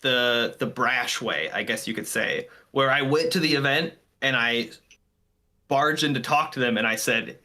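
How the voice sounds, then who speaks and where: A man chatting as a podcast guest about his film, earnest and animated. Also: mid-range voice, normal speed. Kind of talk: casual chat.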